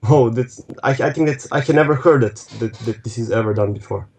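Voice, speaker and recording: Male guest, broken English, mid-pitched voice. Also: slightly rough. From Serbia. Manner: halting, broken English with restarts. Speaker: podcast guest.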